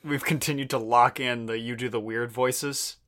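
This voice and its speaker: A young man with a bright, forceful voice at a middle pitch chats as a player on a tabletop game podcast. He sounds laid-back and jokes with the others. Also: steady tone, moderate pace. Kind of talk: casual chat.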